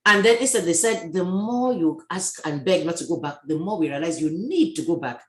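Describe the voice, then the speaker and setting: A woman hosting a talk show in a casual video chat, lively and full of restarts and repeated words. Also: lowish voice, fairly quick, reverberant. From Cameroon. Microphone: video call.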